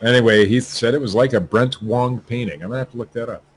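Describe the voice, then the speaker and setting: A man co-hosting a podcast, reading news stories aloud in a halting way with many fillers and laughs. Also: medium pitch, husky, no echo.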